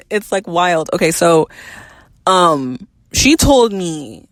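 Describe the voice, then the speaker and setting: A woman's voice: lowish voice, big pitch swings, takes it slowly, no echo, clean studio sound. A young woman in her twenties hosting a candid personal podcast, talking frankly and animatedly, swearing freely and laughing between thoughts. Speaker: podcast host.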